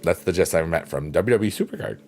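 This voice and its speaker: A man live-streaming, chatting casually and reading viewer comments, soft-spoken and reflective, pausing with fillers. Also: sits low, animated. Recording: piano music playing behind the voice.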